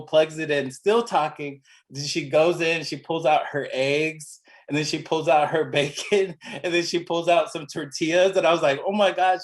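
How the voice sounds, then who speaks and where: Man panelist, casual storyteller, mid-pitched voice, video-call audio. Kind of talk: webinar panel talk.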